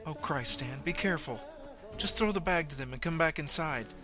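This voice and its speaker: A man reading aloud, voicing a frightened wife and mother whose voice rises high and strained with panic. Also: moderate pace, over music, close to an everyday voice. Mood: pleading. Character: frightened young mother, on edge.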